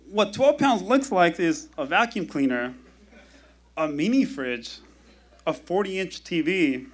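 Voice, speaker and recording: A man telling a personal story at a live storytelling show, in a wry, measured delivery with dramatic pauses, into a stage microphone. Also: high-pitched, expressive.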